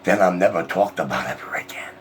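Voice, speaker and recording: A man's voice: low-pitched, expressive, fast talker, very noisy. A man on a CB radio channel, boasting and trading insults in a heated on-air argument. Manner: boastful, profane, combative. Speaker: CB radio operator.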